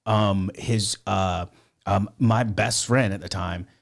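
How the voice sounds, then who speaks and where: A man's voice: fairly low pitch, steady tone, takes it slowly, creaky. A man telling a story as a podcast guest, in a rambling, profane way full of "like" and "you know". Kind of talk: casual storytelling.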